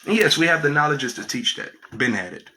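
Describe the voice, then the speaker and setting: A man's voice: a little high, expressive, fairly quick, sharp tone, slight background noise. A man giving an informal spiritual lecture, preachy and repetitive, often asking listeners if they follow him. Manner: preachy, repetitive, asks listeners "get my drift?". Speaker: spiritual teacher. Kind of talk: informal lecture, explaining images.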